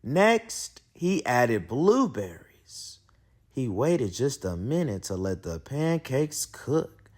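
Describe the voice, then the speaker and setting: A man reading a children's picture book aloud with expressive delivery and playful slang asides. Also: mid-range voice, slow. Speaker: read-aloud narrator.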